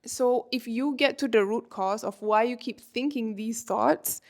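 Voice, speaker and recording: A woman's voice: on the high side, a little slow. Chatty twenty-something woman, lots of like and you know, laughs a bunch, easygoing spiritual advice. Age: 20s. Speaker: manifestation coach. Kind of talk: casual talk to camera.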